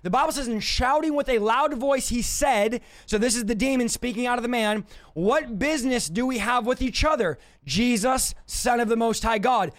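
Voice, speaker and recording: Guy with a really high voice preaching on a livestream, pushy and repetitive, hammers every point. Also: moderate pace. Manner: emphatic, repetitive, confrontational. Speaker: deliverance preacher. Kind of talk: livestream teaching.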